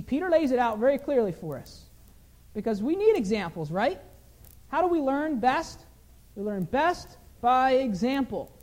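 A man's voice: high-pitched, a little mellow. A man preaching a sermon, telling a personal story earnestly and pressing his points with rising emphasis.

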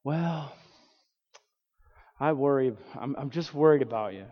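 A man's voice: mid-range voice, a little slow, natural voice. A male pastor voicing his worried, churchgoing mother, fretful and repeating herself. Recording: dull reverberant hall recording.

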